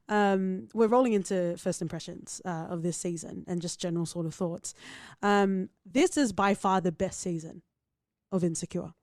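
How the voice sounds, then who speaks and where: A woman co-hosting a podcast in casual chat, joking in a playful, crude and animated way. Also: mid-range voice, no room sound, clean studio sound. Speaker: podcast co-host.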